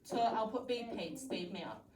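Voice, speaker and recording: A woman's voice: mid-range voice, a little fast. A woman teaching a primary class, thinking aloud as she models writing and encouraging the pupils. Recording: echoey classroom from far off, noisy.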